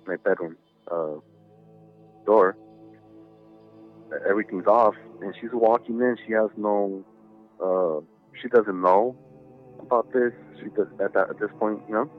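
A man with a lowish voice tells a story in loose, rambling chat, swearing freely and leaning on "you know". He sounds thin and tinny, as if over a phone line, with faint music behind him. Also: unhurried, long pauses. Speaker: podcast guest.

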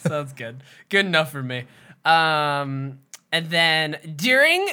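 Woman co-host rambling through her episode notes, bright tone, animated, swears a lot. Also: low-pitched, takes it slowly, smooth. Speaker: podcast co-host. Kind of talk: casual chat recapping a TV episode.

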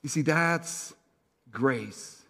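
A middle-aged man preaching a sermon as senior pastor, talking conversationally with asides to the congregation. He swings between loud, punchy lines and soft, slow, hushed ones. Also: fairly high pitch.

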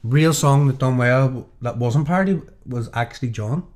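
A man's voice: medium pitch, moderate pace, darkish tone. A young man with a Northern Irish accent in casual chat, rambling, swearing and acting out what people say. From Northern Ireland. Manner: rambling, sweary, acts out quotes.

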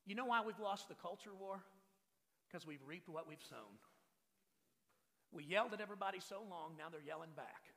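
A man's voice: high-pitched, normal speed, vocal fry, long pauses, a bit bright. A man in his forties preaching a sermon as pastor, emphatic and full of rhetorical questions to the congregation. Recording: long reverb of a large hall.

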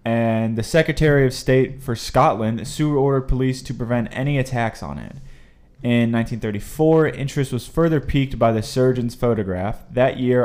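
Young man co-host reading facts, measured and easygoing, middle pitch. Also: a little mellow. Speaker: podcast co-host. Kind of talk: casual chat, reading facts aloud.

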